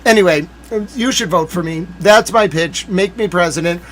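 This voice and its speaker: A man's voice: high-pitched, moderate pace, fairly bright tone. A young man hosting a livestream, rambling through a playful, mock-boastful joking monologue. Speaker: streamer host.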